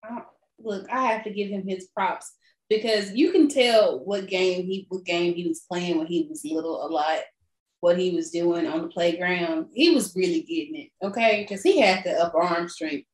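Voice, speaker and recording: A woman guest on a podcast, chatting expressively about a movie with casual swearing. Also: moderate pace. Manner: expressive, swings pitch for emphasis, swears. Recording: roomy echo.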